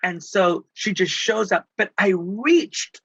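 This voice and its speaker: A man from Texas, a guest speaking about his spiritual healing work, tells emotional stories in an animated, theatrical way and acts out the voices he quotes. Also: high voice, slow, creaky, husky, no room sound, lo-fi sound. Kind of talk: emotional storytelling in conversation.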